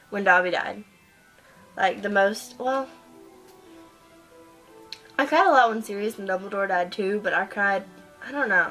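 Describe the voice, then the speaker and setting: A woman's voice: medium pitch, fairly bright tone, low-quality recording. A teenage girl vlogging at her computer, gushing and rambling with lots of ums and likes. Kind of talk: casual chat. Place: at home in front of a computer.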